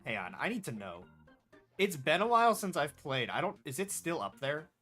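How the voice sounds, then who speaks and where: A man's voice: fairly high pitch, very animated, normal speed, pushed and bright, faint music behind. A young man casually commenting on his gameplay, laid-back and rambling, swearing now and then. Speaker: gaming streamer.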